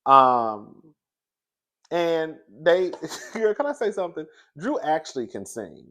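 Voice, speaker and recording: A man gives a casual review of a reality TV episode in an animated, gossipy way. He laughs often and keeps calling the listener girl. His delivery stays loose and conversational. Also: on the high side, slow pace. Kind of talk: casual commentary.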